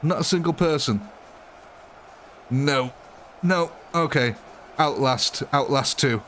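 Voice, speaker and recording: Joking British game streamer. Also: male voice, a little high, takes it slowly, fairly bright tone, a little hiss or hum. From Britain. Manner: joking, chatty, answers chat by name. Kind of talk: casual live-stream chat with viewers.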